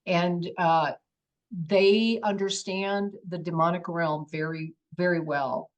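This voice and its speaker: Middle-aged woman telling her story, animated, acts out what she said back then. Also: lowish voice, slow. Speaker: guest. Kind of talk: personal testimony in an interview.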